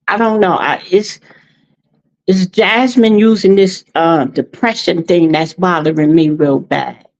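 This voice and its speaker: A woman calling in to a live show, talking slowly and haltingly, with emotion in her voice. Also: lowish voice, darkish tone. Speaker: caller. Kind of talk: call-in commentary. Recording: muffled call-in line.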